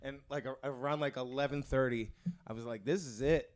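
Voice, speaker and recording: A man's voice: mid-range voice, fairly even intonation, brisk, dry recording. A male comedian guest on a podcast, telling rambling anecdotes in casual chat, full of "like" and quoted voices.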